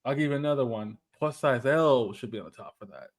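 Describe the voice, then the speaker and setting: A man's voice: medium pitch, quick pace. A man co-hosting a casual anime podcast, talking emphatically and repeating himself as he argues his points. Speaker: podcast co-host.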